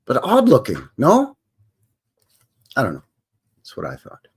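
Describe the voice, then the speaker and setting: A man's voice: mid-range voice, huge pitch swings, measured pace, slightly rough. A man with a Canadian accent, hosting a livestream in a rambling, chatty way and often correcting himself. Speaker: host. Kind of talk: casual livestream commentary.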